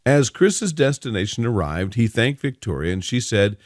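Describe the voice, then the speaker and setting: Lively male story narrator. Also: medium pitch, moderate pace, dry recording, studio quality.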